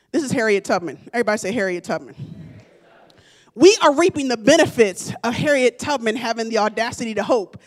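High-voiced woman preaching a sermon. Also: animated, moderate pace. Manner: preaching with call-and-response, rising to shouts. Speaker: pastor.

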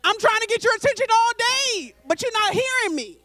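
A woman's voice: very high-pitched, lively intonation, a little fast, bright, forceful tone, dry recording, voice pushed up, exaggerated voice. A woman voicing God as a loving male deity, earnestly calling to be heard. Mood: pleading. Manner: repeated calls of hello, raised and earnest.

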